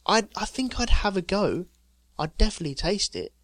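A man's voice: sits high, lively intonation, a little fast, fairly bright tone, no echo. A man co-hosting a podcast, casually chatting and reading out odd news stories with a joking, storytelling manner. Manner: jokey storyteller, reading out news items with chuckles. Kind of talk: casual chat.

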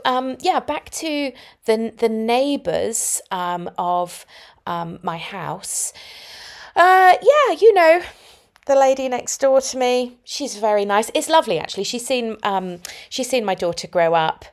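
A woman hosting her own podcast, telling personal stories in a reflective, anecdotal way from home. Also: mid-range voice. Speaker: podcast host. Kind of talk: solo podcast talk.

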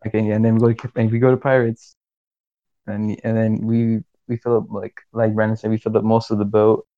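A man's voice: on the low side, little pitch movement, a little fast, no room sound. A young man co-hosts a casual podcast in a laid-back way, often saying "bro" and "like". The sound is dull and dry, from a simple home mic. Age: young adult. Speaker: podcast co-host. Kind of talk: casual storytelling chat.

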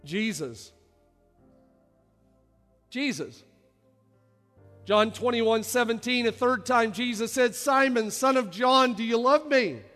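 A male pastor preaching a sermon, dropping to quiet low stretches and then rising to loud shouted passages. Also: a little slow. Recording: reverberant hall with faint music.

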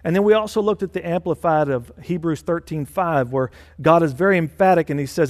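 A male senior pastor delivers a sermon with a fairly high voice, pressing his points home and repeating phrases for stress. His voice carries a long reverb, as if in a church hall. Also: brisk, few pauses.

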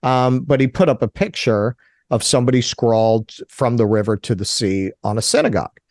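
A man's voice: medium pitch, a little fast, darkish tone, no echo, clean studio sound. A man from Brooklyn, a guest on a political radio show, speaking in an impassioned, indignant way. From Brooklyn, New York. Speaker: guest commentator. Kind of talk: political talk radio interview.

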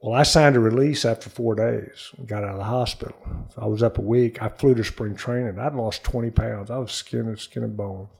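Older male interview guest, gravelly voice, lively storyteller acting out the quotes, studio sound. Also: on the low side, brisk. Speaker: interview guest, former pro baseball player. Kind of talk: animated storytelling in conversation.

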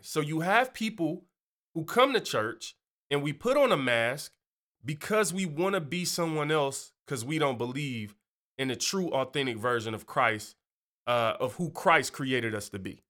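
A man giving a casual, chatty talk on faith, animated and conversational. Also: on the high side, unhurried. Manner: animated, chatty, keeps asking "you know". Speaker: Christian speaker.

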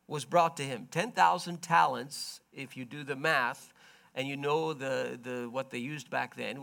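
Gravelly, emphatic male preacher. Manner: dramatic, swings from low murmurs to loud emphatic bursts; stops to explain in plain everyday words. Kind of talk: sermon.

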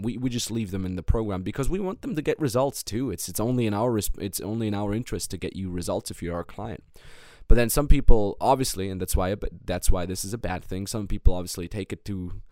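A man's voice: fairly low pitch, fast, mellow, no echo, clean studio sound. A man hosting a business coaching podcast, talking in a blunt, heated monologue. He swears a lot and repeats words and restarts when worked up.

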